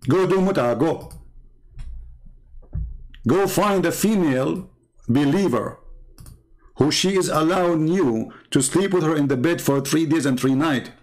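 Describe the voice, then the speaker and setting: A fairly high-pitched, animated man from the Arab world speaks at a moderate pace with an Arabic accent. As a Christian apologist giving mocking polemical commentary, he is sarcastic and taunting, repeating words in bursts.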